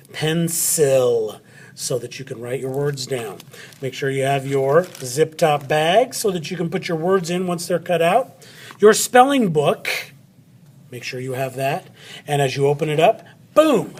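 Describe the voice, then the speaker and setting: A man's voice: a little high, husky. A man teaching a recorded spelling lesson to children, chatty and friendly, talking straight to his students.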